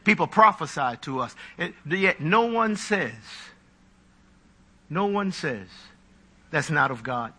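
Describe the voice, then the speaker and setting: A male pastor preaching a live sermon in a high, ringing voice. His delivery is animated and full of humorous, mocking asides as he works the congregation. He sounds very bright and forceful. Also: takes it slowly, long pauses, breathy edge.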